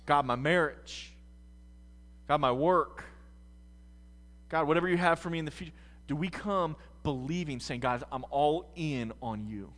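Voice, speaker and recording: Preaching in a big-room space, a U.S. pastor alternates between soft contemplation and loud, fervent bursts. His voice sits at a medium pitch.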